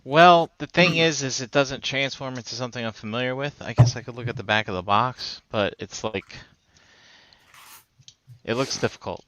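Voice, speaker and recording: A man's voice: medium pitch, moderate pace, a bit bright, rough recording. A man chatting casually on a livestream about a toy he is unsure how to handle.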